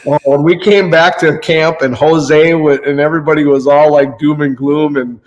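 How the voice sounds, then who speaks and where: A man chats loosely, telling a story among friends. He rambles and pauses to dig for names he can't recall, in a voice pitched a touch higher than most men's. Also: flat delivery, a little mellow, highs cut off. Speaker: host. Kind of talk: casual chat.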